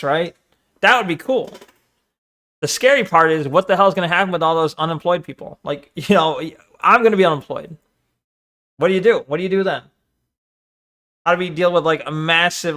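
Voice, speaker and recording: Man, streamer, casual, rambling, many fillers, slightly high pitch. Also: fairly quick, sharp tone. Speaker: streamer reacting to videos. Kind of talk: casual live-stream chat.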